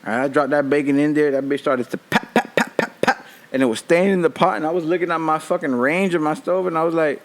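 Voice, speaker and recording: Man in his thirties, casual podcast monologue, swears a lot, laughs often, slightly high voice. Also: fast talker. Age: 30s. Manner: profane, animated, laughing often. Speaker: podcast host.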